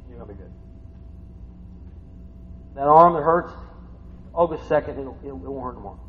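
An older man preaching a sermon, swinging from hushed asides to excited shouts. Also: mid-range voice, fairly quick, pauses often, in a large hall, phone-quality sound. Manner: animated, swings from quiet to shouting. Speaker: pastor.

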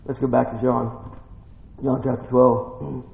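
A man preaching a sermon, swinging between quiet scripture reading and shouted excitement, calling out questions to his congregation. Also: medium pitch, slow pace, gravelly, roomy sound, long reverb tail, muffled recording.

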